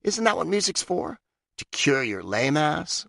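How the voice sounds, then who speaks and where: A man's voice: on the high side, big pitch swings, unhurried, vocal fry, fairly bright tone, dry recording. A man reading his own comic book aloud, sardonic and mock-pompous, with big swoops for emphasis. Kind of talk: comic audiobook narration.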